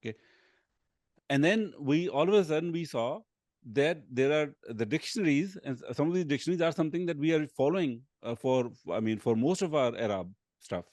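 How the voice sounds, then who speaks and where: A man's voice: fairly high pitch, expressive, fairly quick, a little mellow, no room sound, clean studio sound. A man teaching an Arabic grammar class, explaining carefully with frequent hesitations. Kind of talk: online class discussion.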